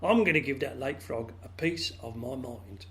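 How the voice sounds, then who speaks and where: A man doing a squeaky indignant little well frog. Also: lively intonation, moderate pace, a bit bright, a little hiss or hum. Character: excitable small male well frog.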